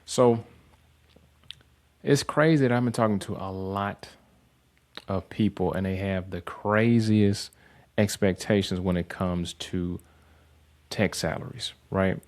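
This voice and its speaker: A man with a fairly low voice talks straight to camera as the host of a tech career channel. He delivers a blunt motivational monologue, swears freely and mocks the people he describes, his voice jumping higher whenever he acts out the conversations. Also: slow pace, long pauses. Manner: profane, animated, mocking.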